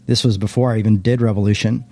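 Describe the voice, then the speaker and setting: A man with a mellow, warm voice recalls his past in a relaxed interview, circling back and restarting his thoughts as he goes. The recording is dry and close, with no room echo. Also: lowish voice, fast talker. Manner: reflective, meandering, frequent restarts. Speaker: interview guest, former pastor. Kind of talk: casual conversational storytelling.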